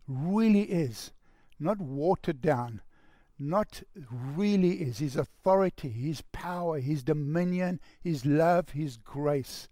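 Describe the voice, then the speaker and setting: Impassioned male preacher, gravelly voice, dry recording, gets loud. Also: fairly high pitch, no echo. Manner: impassioned, building to loud shouts. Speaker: pastor. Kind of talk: sermon.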